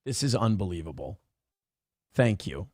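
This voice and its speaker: A man hosting a live online show, talking casually and excitedly, cursing freely while thanking viewers for donations. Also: sits low, moderate pace, no room sound, studio quality. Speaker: livestream show host.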